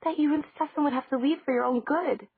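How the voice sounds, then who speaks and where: Woman voicing a gasping, excitable young girl. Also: high-pitched, fast talker, no room sound, voice pushed up. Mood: excited. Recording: dry, tinny phone-like audio.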